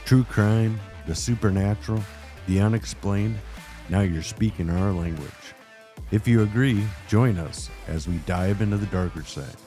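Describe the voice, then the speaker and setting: A man's voice: lowish voice, unhurried, dark tone, soft background music. A man co-hosting a podcast, reading a playful scripted show intro. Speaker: podcast co-host.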